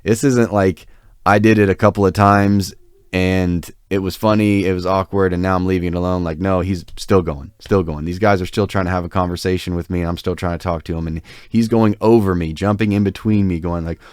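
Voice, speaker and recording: A man's voice: low-pitched, steady tone, a little fast, clean tone, dry recording, studio quality. A man co-hosting a podcast, telling a long anecdote in a casual, rambling way with lots of fillers. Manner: rambling, filler-heavy, self-deprecating. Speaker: podcast co-host. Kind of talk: casual storytelling.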